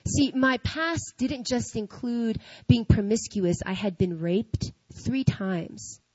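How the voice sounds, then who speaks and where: A woman's voice: fairly high pitch, animated, takes it slowly, darkish tone, no echo. A woman giving an earnest, confessional faith testimony, often adding "you know what I mean.". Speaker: speaker sharing a personal testimony. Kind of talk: emotional faith testimony to an audience. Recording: dull lo-fi sound.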